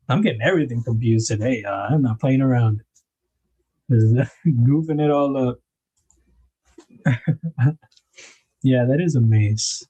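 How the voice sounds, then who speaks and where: A man's voice: mid-range voice, a little slow, long pauses, dark tone, slightly rough. A man hosting a casual livestream, rambling about knife design and greeting viewers in the chat by name.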